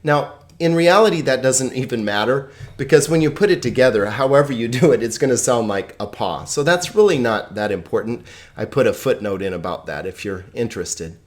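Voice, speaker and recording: Lively, joking man teaching a lesson. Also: medium pitch. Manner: chatty, joking, laughs at own puns; slow, careful pronunciation of example words. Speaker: Greek teacher. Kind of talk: recorded video lesson.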